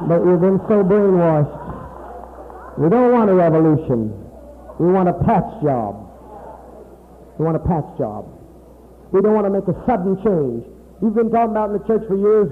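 A man preaching a sermon to his congregation in a mocking, profane manner, swinging between loud outbursts and hushed, confiding talk. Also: high voice, animated, normal speed, pauses often, slight background noise. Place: church hall. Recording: tinny old tape from a reverberant hall.

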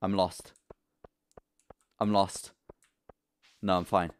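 Excitable streamer, lively voice. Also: male voice, on the low side, normal speed, no echo. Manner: excitable, swings from loud outbursts to muttering. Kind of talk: live gameplay commentary.

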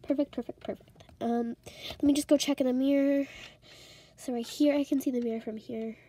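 A woman's voice: high-pitched, fairly even intonation, brisk, dark tone, far from the mic, slight background noise. A woman narrating a toy role-play, chatting to herself and trailing off as she sets things up. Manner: chatty, thinking aloud, trailing off.

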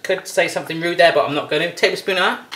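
A man's voice: fairly high pitch, fast talker, bright, forceful tone, slight background noise. An English man hosting a playful home cooking demonstration, chatty and jokey, talking to the food as he cooks. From England. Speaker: cooking show host. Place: home kitchen.

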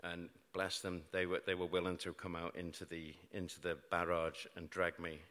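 Speaking in a low, slightly bright voice with little pitch movement, a middle-aged man from Britain keeps a moderate pace and a British English accent. He is on stage in a large hall, recounting a true story of grim events to an audience with wry humour aimed at himself. The live room produces long reverb.

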